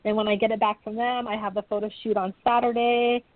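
A woman's voice: fairly high pitch, level tone, quick pace, no echo. A woman being interviewed over the phone, candid and earnest as she talks through a personal story. The line is thin and tinny, with a dry, close sound. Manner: earnest, open, warm-hearted storytelling. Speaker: podcast guest, author.

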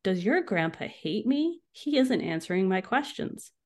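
A woman's voice: mid-range voice, sing-song, a little slow. A woman voicing a curious little blue male alien who speaks in a polite, formal way. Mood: puzzled. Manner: polite, formal, wondering questions.

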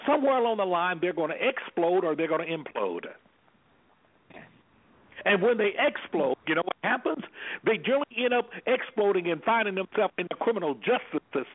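A man's voice: high voice, lively intonation, fairly quick. A man, an anger management specialist, speaking with preacherly emphasis as a guest on a call-in radio show over the phone. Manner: preacherly, emphatic, acts out quoted voices. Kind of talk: impassioned call-in radio talk. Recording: phone-line audio.

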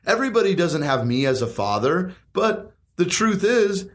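A man in his thirties with a somewhat high voice talks about investing in real estate. He is confident and emphatic and keeps asking rhetorical questions as he makes his case in a casual chat. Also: sing-song, moderate pace.

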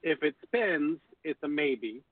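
A man explains his approach in a thoughtful, unhurried way, often restarting with repeated words. His voice comes through a narrow, phone-like channel. The sound is dry and close. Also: on the high side, lively intonation, no room sound. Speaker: panelist on call-in spiritual show. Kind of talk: casual panel discussion.

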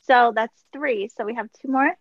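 A woman's voice: a little high, normal speed, no room sound. A woman hosting a podcast interview, encouraging her guest and reflecting back on what she hears. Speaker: podcast host. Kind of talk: interview conversation. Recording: slightly muffled dry audio.

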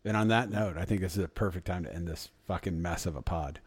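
A man's voice: deep voice, fast, breathy edge. A man co-hosting a podcast in casual chat, mostly giving brief replies and dry wrap-up lines. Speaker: podcast co-host. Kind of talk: casual chat, short responses.

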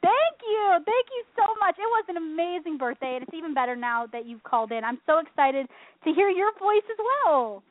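Young woman, 20s, host, bubbly and gushing, high voice, dry tinny sound. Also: very animated, brisk, a little hiss or hum. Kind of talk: casual radio chat.

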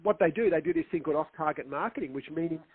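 Male director guest, husky and a touch high, earnest explainer, tinny dry line. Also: racing, no echo. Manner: earnest, explanatory storytelling with acted quotes. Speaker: film director and co-writer, guest. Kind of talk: casual interview. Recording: tinny phone-line sound.

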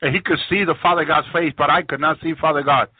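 A man's voice: a little high, steady tone, quick pace, slightly rough, dry recording. A man giving a fervent religious testimony of his visions, often repeating words as he restarts. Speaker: guest sharing visions on a religious program. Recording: tinny phone-line audio, dry.

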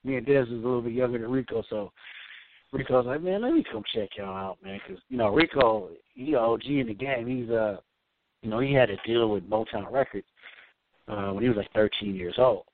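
A man's voice: mid-range voice, brisk, slight background noise. A middle-aged man from Oakland, a musician telling stories in a casual, laid-back way, peppering his talk with "man" and "you know". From Oakland, California. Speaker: musician guest. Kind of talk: casual storytelling interview. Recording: tinny phone-like line, dry.

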